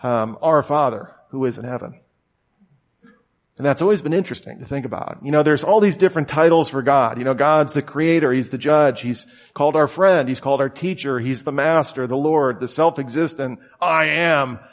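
A preacher in his thirties, with a mid-range voice and a moderate pace, delivers a conversational sermon. He tells stories casually and acts out the voices of the people he quotes.

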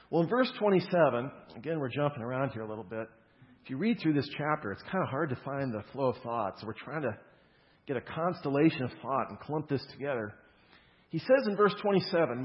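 A man preaching a sermon, explaining scripture with emphatic stresses on key words and casual conversational asides. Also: mid-range voice. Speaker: pastor. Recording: dull lo-fi sound with long hall reverb.

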